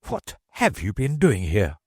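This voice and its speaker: A man reading an audiobook, putting on the voice of a furious, imperious queen who screams orders in a shrill voice. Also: huge pitch swings, unhurried, husky, no echo, clean studio sound, exaggerated voice.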